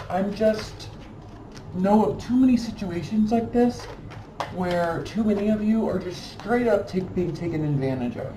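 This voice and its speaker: A woman giving a tarot card reading in an emphatic, scolding way, repeating phrases for stress. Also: lowish voice. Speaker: tarot reader. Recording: echoey room, mic at a distance, faint background noise.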